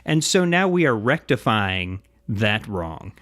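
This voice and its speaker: A man's voice: lowish voice, very animated, slow pace, a bit bright, no echo. A man co-hosting a podcast in casual chat, explaining at length with frequent asides. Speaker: podcast co-host.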